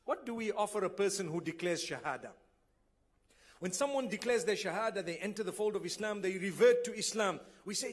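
High-voiced man preaching a rhetorical sermon. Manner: earnest, rhetorical questions, rises to loud exclamations. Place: gathering hall.

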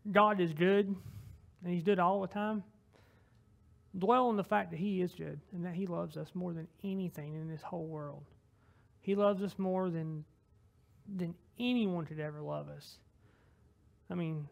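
High, gravelly Southern-accented lay preacher. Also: male voice, a little slow. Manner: rambling, folksy, self-deprecating, many restarts. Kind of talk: informal sermon and closing prayer.

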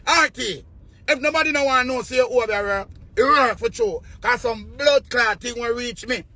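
Jamaican guy rambling on, lots of swearing, bright sharp voice. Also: very high-pitched, moderate pace, no echo. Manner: rambling, repetitive, swears often. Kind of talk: casual rant to viewers.

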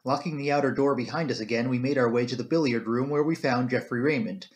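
A man narrating a classic mystery novel in a measured storytelling manner. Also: mid-range voice. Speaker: audiobook reader. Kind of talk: scripted narration.

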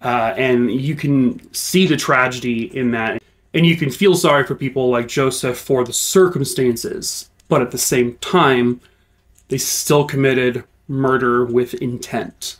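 A young man recounts a true crime case in a loose, conversational way, full of ums and likes. His voice sits at an ordinary middle pitch. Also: fairly even intonation, a little slow. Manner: chatty, with filler words, turns high-pitched and playful in the sign-off. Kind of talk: casual YouTube true crime outro.

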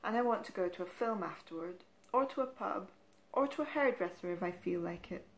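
A woman's voice: on the low side, animated, fairly quick. A woman voicing a defiant young woman painter who speaks insistently, a little raised.

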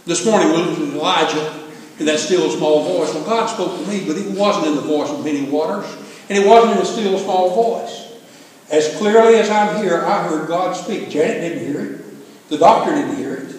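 High-voiced older preacher. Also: male voice, moderate pace, darkish tone. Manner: folksy, humorous storytelling. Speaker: pastor. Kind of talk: sermon. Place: church sanctuary. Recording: echoey hall from far off, faint hiss.

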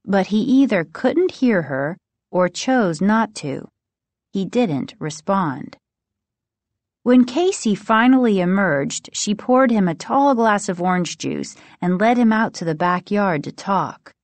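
A woman narrating a children's horror audiobook in a measured, steady way. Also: mid-range voice, dry recording.

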